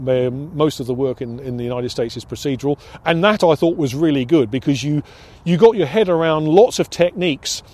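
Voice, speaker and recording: A dark-toned yet rather high male voice belongs to an older man from the United Kingdom, a onetime pilot instructor giving an oral history interview. His recollections are reflective and full of false starts and hesitations.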